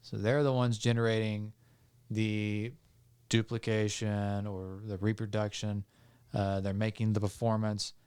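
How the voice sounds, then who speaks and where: A man, a podcast guest, calmly explaining legal points step by step with frequent fillers and restarts. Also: lowish voice, a little slow, clear, resonant tone. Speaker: podcast guest on music law. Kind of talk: explanatory casual talk.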